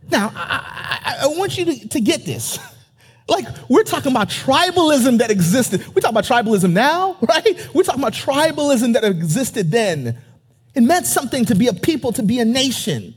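A male pastor preaching to his congregation in a church. His voice sits high and has a husky edge. He presses his points with emphasis and calls out for the crowd to answer. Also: sing-song, moderate pace. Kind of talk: sermon.

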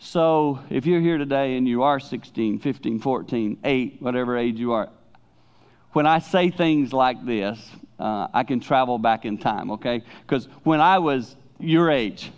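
Gravelly-voiced preacher. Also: male voice, mid-range voice, unhurried, dull audio. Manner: candid, confessional, animated storytelling. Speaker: traveling preacher. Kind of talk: sermon to a youth congregation.

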